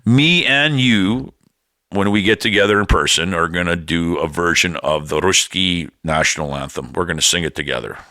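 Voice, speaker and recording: A man's voice: sits low, moderate pace, pushed and bright, no room sound, clean studio sound. A man co-hosting a podcast, talking in a rambling, loose way, swearing freely and drifting off into humming. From Canada. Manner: rambling, swearing, hums and breaks into bits of song. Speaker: podcast co-host. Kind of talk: rambling casual chat.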